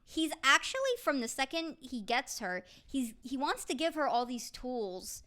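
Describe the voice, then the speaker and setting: A young woman co-hosting a podcast, chatting casually about a book, animated and laughing as she acts out quotes. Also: sits high, a little slow. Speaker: podcast co-host.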